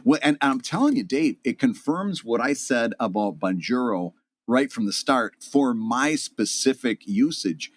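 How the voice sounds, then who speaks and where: A man's voice: medium pitch, expressive, a little slow, dry recording. A man co-hosting a podcast in casual chat, joking and laughing often. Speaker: podcast co-host.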